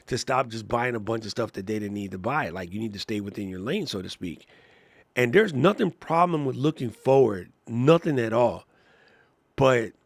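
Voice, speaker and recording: A man co-hosting a live podcast, talking in an animated, joking way and laughing often. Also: medium pitch, gravelly, no room sound. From Washington, D.C. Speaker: podcast co-host; teacher.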